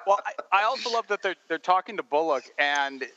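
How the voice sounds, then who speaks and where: Male podcaster, animated storyteller, bright voice, muffled line with faint hiss. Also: high-pitched, a little fast. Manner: animated storyteller, retells jokes. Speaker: podcast co-host. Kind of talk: casual panel chat.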